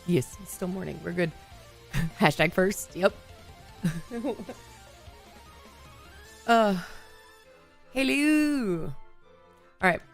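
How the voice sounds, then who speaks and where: Gravelly-voiced woman streamer, chatty. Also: fairly low pitch, slow pace, pauses often, soft background music. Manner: chatty, laughs often, greets viewers. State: slightly hoarse, voice recovering. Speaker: livestream host. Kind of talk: casual live-stream chat.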